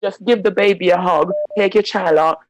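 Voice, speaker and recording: A woman's voice: fairly low pitch, fairly even intonation, normal speed, highs cut off. A woman calling in to a phone-in show, speaking heatedly and emphatically in slang because she is upset. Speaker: caller. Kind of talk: impassioned phone-in rant.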